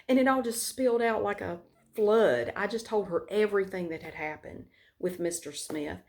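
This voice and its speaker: A woman's voice: medium pitch, moderate pace, a little mellow. A woman vlogger telling a personal story in a candid, frank way with casual swearing.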